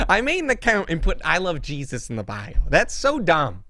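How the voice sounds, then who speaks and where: Excitable laughing podcast host. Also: male voice, medium pitch, moderate pace, no room sound. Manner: laughs often, excitable and mocking. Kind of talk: casual podcast chat. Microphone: podcast mic with cord.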